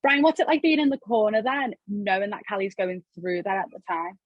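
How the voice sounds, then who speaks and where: Husky woman interviewer, lo-fi sound. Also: mid-range voice, lively intonation, brisk. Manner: affirming, asks short questions. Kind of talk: casual interview.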